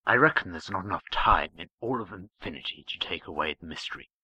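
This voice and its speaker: Man reading a calm old preacher, gentle, measured, deep bright voice, dry sound. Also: husky, highs cut off, heavily acted. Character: calm wise older male preacher.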